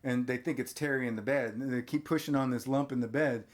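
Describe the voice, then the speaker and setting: A man in his forties, a podcast host, casually recapping a horror movie and acting out the scenes with lively exclamations. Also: medium pitch, fast. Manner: animated storyteller, acts out scenes with lively exclamations.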